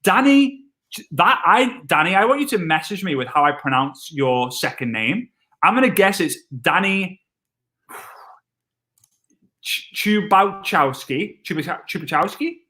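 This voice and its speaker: A man, an energetic and jokey network marketing trainer chatting on a live stream. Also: sits high, moderate pace. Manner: excitable, jokey, wordplay.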